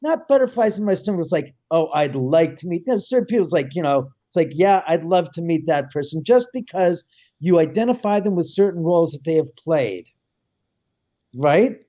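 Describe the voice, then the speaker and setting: A man telling a long, rambling story in casual chat, animated and swearing freely. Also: a little high, moderate pace, dry recording, lo-fi sound. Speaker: guest, house owner.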